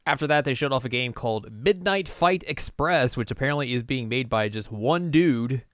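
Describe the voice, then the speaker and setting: A man's voice: mid-range voice, animated, normal speed, no echo. A man co-hosting a podcast in casual chat, laid-back and chatty, with dry asides and chuckles. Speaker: podcast co-host.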